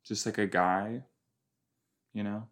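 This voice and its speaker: A man's voice: fairly low pitch, steady tone, slow, fairly bright tone. A young man hosting a casual watch-along podcast, rambling and chatty with joking asides. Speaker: podcast host.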